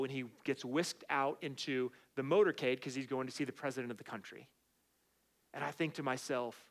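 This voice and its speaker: A middle-aged man delivers a sermon in an easy, conversational way, slipping into personal anecdotes as he goes. His voice sits a touch higher than most men's. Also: fairly quick, a bit bright. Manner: conversational preaching with storytelling asides. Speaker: pastor.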